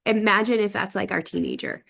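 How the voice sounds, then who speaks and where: A woman's voice: mid-range voice, wildly swooping pitch, brisk, vocal fry, fairly bright tone. A woman talking reflectively in a casual group conversation, wandering through her thoughts and acting out quoted phrases.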